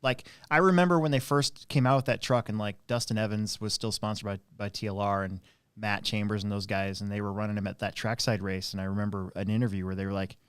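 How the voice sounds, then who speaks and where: A man with a lowish voice chats on a live stream, recorded dry and close with no room sound. He rambles through anecdotes, stopping and restarting, filling gaps with "um" and "like". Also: steady tone, fast, smooth, no room sound. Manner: rambling anecdotal storyteller, many fillers. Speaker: host and RC track operator. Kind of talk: casual live-stream chat.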